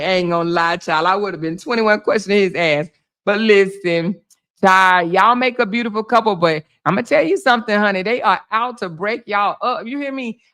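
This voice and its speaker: A woman does casual gossip commentary on a livestream in a mid-range voice. She's animated and laughs often, swearing freely as she talks straight to her chat.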